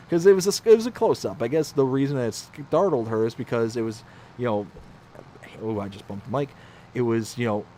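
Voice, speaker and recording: A man's voice: mid-range voice, darkish tone, slight background noise. A man hosting a livestream, telling rambling stories and reading viewer comments aloud in a casual way. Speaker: livestream host.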